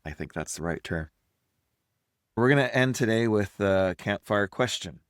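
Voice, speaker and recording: A man's voice: lowish voice, lively intonation, moderate pace, smooth, dry recording, clean studio sound. A man in his fifties from Canada, a life coach and podcast host, talking at home in a candid, self-reflective solo monologue.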